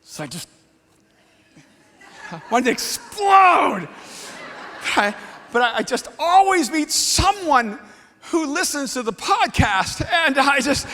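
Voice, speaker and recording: A man in his fifties preaching a sermon as a pastor, telling a story with animated swings from hushed to shouting. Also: extremely high pitch, slow pace, pauses often. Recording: long hall reverb.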